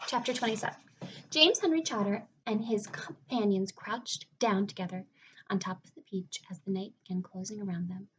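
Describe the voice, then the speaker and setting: A woman reading a children's book aloud in an expressive storytelling way, sometimes dropping to a hush. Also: mid-range voice, normal speed, highs cut off, a little hiss or hum. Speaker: reader.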